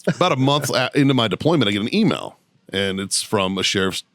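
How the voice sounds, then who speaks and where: A man with a lowish, fairly bright voice, very animated, tells a story as a podcast guest and show producer. His chat is casual and profane, a rapid anecdotal retelling broken up by frequent laughter. There is no room sound.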